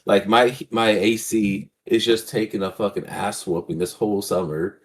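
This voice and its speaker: A young man in casual podcast chat, rambling and laid-back, with plenty of swearing. His voice sits a little low. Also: fairly even intonation, moderate pace. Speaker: podcast co-host.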